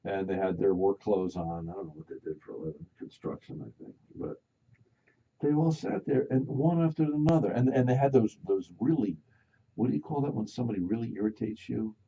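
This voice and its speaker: A man hosting a radio talk show whose gravelly, husky voice swings widely in pitch as he tells his stories. He chats casually and acts out the other people in his stories. The sound is dull and lo-fi, as in an old radio broadcast. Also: brisk. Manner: animated storyteller, acts out loud voices. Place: radio studio.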